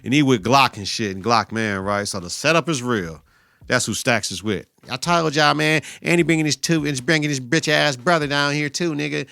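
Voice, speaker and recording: Male podcast host, profane and animated, bright forceful voice, dry close mic. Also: mid-range voice, a little fast, creaky, no room sound, soft background music. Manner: profane, animated retelling with laughter and mock outrage. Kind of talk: episode reaction podcast.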